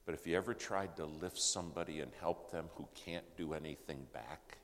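Man with a deep, gravelly voice for a sermon-style testimony; dramatic telling with dips into whispers, recorded in a reverberant hall. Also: moderate pace. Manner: dramatic, drops to hushed whispers for emphasis. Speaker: speaker telling a personal testimony. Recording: long reverb in a large hall, faint background noise.

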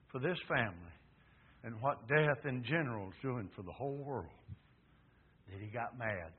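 Old preacher in a tinny recording. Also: male voice, husky. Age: 70s. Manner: emphatic, swings from low murmurs to loud fervent peaks. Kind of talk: sermon.

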